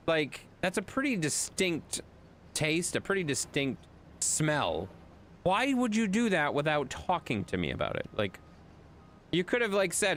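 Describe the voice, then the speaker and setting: A man's voice: a little high, huge pitch swings, normal speed, a bit bright, slight background noise. A male gaming streamer in casual live-stream chat, telling a rambling story and talking to his viewers.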